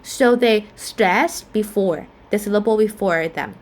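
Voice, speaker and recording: Slow, careful woman teaching pronunciation. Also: mid-range voice. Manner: slow and careful, repeats each example word. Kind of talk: explaining a phonetics lesson.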